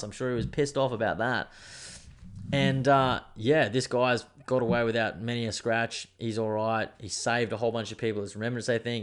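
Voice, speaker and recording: A man hosting his own podcast, telling a news story in a rambling, animated way with plenty of swearing. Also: lowish voice. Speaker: podcast host. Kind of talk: casual solo podcast rant.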